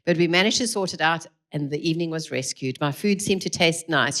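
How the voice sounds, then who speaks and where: Middle-aged woman, fairly low pitch, warm and animated speaker for a live parenting talk. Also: brisk, few pauses. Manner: lively, acts out quoted dialogue, laughs often. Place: church hall.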